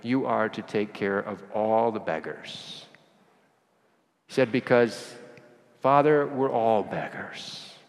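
A man giving a sermon, telling a story with acted dialogue in an animated way. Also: fairly low pitch, slow. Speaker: priest. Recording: long reverb of a church hall.

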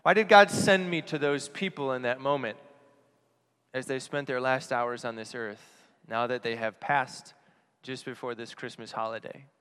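A priest giving an earnest Christmas homily, asking rhetorical questions and dropping softly on key phrases. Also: male voice, mid-range voice, moderate pace, clear, resonant tone. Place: church. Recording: long church reverb.

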